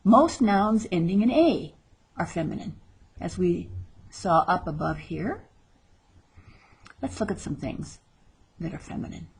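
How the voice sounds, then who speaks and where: Middle-aged woman teacher, patient explainer, slow and very breathy delivery. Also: lowish voice, a little mellow. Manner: slow, patient explaining, repeats words carefully. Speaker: Spanish teacher. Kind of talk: recorded online lesson.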